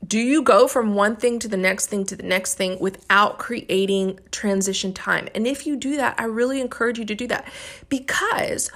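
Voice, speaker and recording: Candid woman with a gravelly edge. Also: medium pitch, normal speed, fairly bright tone. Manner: candid, reflective, self-critical. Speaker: podcast host. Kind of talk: personal storytelling podcast.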